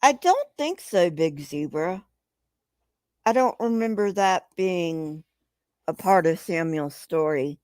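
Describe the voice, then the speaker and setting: A woman's voice: lowish voice, animated, takes it slowly, a little mellow, dry recording. A woman hosting a casual livestream, talking to her chat in an emphatic, profane, agitated way. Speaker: livestream host reading chat.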